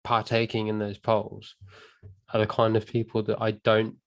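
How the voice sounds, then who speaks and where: A comedian guest in casual chat, playful and mock-clueless, laughing often. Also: male voice, on the low side, completely flat delivery, normal speed.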